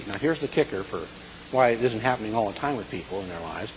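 A man's voice: fairly low pitch, lively intonation, quick pace. Man preaching in an echoey hall. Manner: conversational, checks in with listeners. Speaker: Bible teacher. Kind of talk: sermon. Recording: echoey hall with faint hiss.

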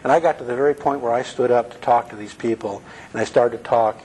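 A man's voice: medium pitch, quick pace, few pauses, darkish tone, slight background noise, poor audio. A man giving a conversational sermon, earnest, often asking his listeners questions. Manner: earnest, asks the audience questions. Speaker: preacher.

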